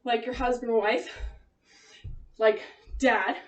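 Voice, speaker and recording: Woman fitness instructor, high voice, winded, chatty and upbeat, recorded from across an echoey home room. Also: fairly even intonation, slow pace, recorded from a distance, highs cut off, faint music behind. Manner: encouraging, chatty, laughs often. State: out of breath. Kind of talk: leading a home cardio workout.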